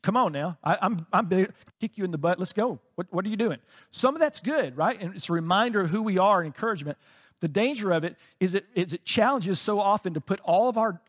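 A high-pitched man preaches in a loose, conversational way, often laughing between his points. His voice carries a long reverb, as if recorded in a large hall. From United States. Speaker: pastor. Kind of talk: sermon.

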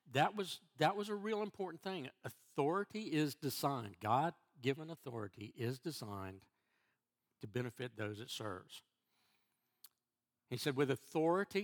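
A middle-aged church elder preaches a sermon haltingly, repeating words and restarting before he stresses key phrases. His voice is medium-pitched.

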